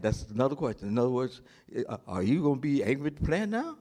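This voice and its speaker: A man's voice: medium pitch, fast. A male pastor preaching a sermon, throwing questions to the congregation and acting out the story's characters in dramatic voices. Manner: animated preaching with call-and-response questions to the congregation; acts out the prophet and God in dramatic voices.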